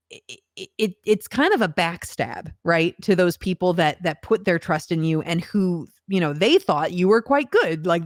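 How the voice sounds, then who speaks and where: A woman's voice: medium pitch, dry recording, studio quality. A woman voice actor as a podcast guest, talking in a reflective, earnest way with frequent ums. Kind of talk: casual podcast conversation.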